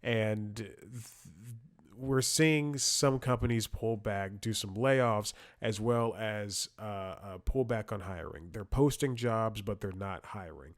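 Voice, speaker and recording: A man's voice: on the low side, slow pace, no echo, clean studio sound. A man hosting a comedy podcast, telling a rambling story with lots of restarts and sarcastic asides. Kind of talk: casual comedic monologue.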